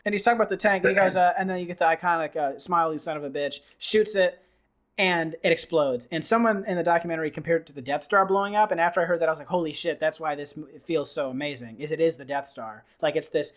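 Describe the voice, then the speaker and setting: A man on a podcast, excitedly retelling a film scene by scene, with lots of fillers and restarts. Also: a little high, fast talker. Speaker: podcast host. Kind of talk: casual podcast chat.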